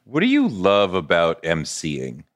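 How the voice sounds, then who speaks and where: A man's voice: low-pitched, huge pitch swings, normal speed. A man hosting a casual interview, asking rambling, searching questions full of fillers. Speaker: podcast interviewer.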